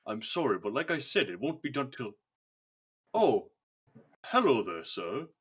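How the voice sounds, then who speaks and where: A man's voice: mid-range voice, big pitch swings, measured pace, fairly bright tone, breathy edge, exaggerated voice. A man voicing an older male dwarf toymaker who is fond of children and cool toward adults, speaking in a polite, old-fashioned way. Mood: gentle.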